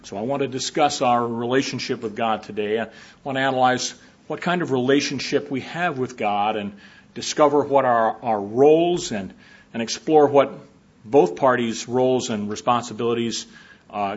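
A man with a husky, mid-pitched voice delivers a sermon in a measured, reflective way, pausing on fillers as he works through his points. The recording is dull and lo-fi, as if taken from a hall. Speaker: preacher.

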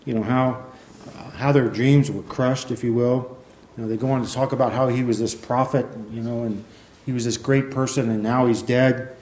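Mellow-voiced man preaching in an echoey hall. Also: medium pitch, steady tone, normal speed, slight background noise. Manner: conversational, many fillers, reads scripture aloud. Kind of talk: sermon. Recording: echoey room.

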